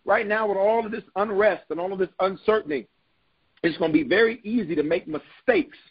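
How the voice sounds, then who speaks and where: A man's voice: sits high, brisk, breathy edge, dull audio. A man preaching a sermon as bishop, reading scripture aloud and repeating phrases for emphasis with call-and-response.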